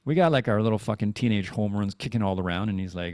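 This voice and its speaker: A man's voice: fairly low pitch, fast, hardly any pauses, darkish tone, clear, resonant tone, no echo, clean studio sound. A man in his forties hosting a podcast, talking in a rambling, candid and self-deprecating way, full of profanity and restarts. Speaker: podcast host. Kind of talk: casual confessional monologue.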